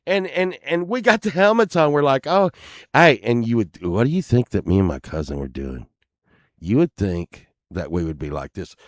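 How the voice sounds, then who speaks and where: Animated man telling a wild story. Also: mid-range voice, moderate pace, no room sound, studio quality. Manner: animated, acts out quoted lines loudly, laughs while telling. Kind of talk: casual anecdote.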